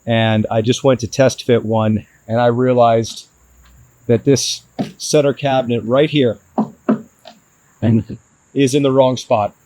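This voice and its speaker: A man's voice: mid-range voice, fairly even intonation, slow, long pauses, darkish tone, poor audio. Frustrated man vlogging a van build. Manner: frustrated, self-critical, talks in restarts. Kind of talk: casual DIY vlog talk to camera.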